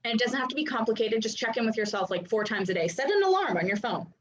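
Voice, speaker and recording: A woman in her thirties coaching a live online class, chatty and animated, with many fillers. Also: fairly high pitch, quick pace. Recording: dull lo-fi sound.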